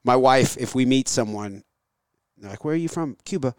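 A man's voice: medium pitch, lively intonation, normal speed, clean tone, no echo. A man hosting a podcast in casual chat, telling stories with frequent swearing and laughter. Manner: profane, laughing storyteller. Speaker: podcast host.

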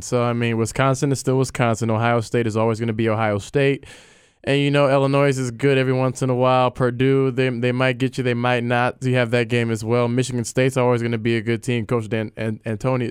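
Guy cohosting sports radio, talks quick, smooth clear voice, rambly opinions. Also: mid-range voice, no room sound, clean studio sound. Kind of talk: casual sports talk radio. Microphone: studio microphone.

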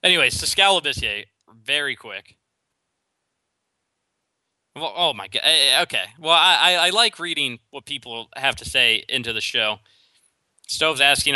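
Bright, fast-talking sports talk host man. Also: medium pitch, no room sound. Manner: opinionated, rapid with frequent restarts. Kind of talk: solo sports talk commentary.

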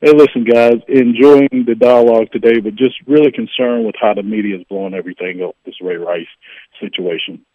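A man's voice: on the low side, fairly even intonation, fairly quick, no room sound. Earnest male caller on a dull line. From North Carolina. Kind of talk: radio call-in comment.

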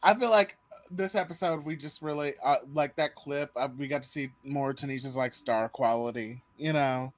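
A man's voice: a little high, normal speed, a bit bright. A man hosting a casual podcast, chatting loosely and swearing freely while reacting to old clips. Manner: loose, profane, laughing commentary. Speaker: podcast host. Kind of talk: casual chat.

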